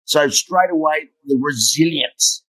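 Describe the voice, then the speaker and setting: A man's voice: fairly high pitch, a little slow, a bit bright, poor audio. A middle-aged man, a motivational speaker, telling blunt, humorous stories in an interview and swearing freely. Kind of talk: storytelling interview.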